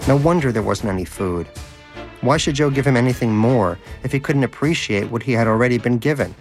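A man reading a comic story aloud in a dry, measured narration. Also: medium pitch, animated, faint music behind. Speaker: audiobook narrator.

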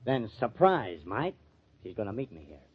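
An actor playing a glib, fast-talking press agent in a 1940s radio drama. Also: male voice, on the low side, sing-song, slightly rough, exaggerated voice. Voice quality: glib, coaxing. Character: breezy, fast-talking male press agent, young adult. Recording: muffled old radio recording.

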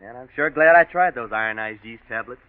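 A man's voice: mid-range voice, lively intonation, normal speed, lightly acted. A young man acting a jittery, eager customer with an emphatic manner in an old radio advertisement. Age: young adult. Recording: tinny scratchy old radio broadcast.

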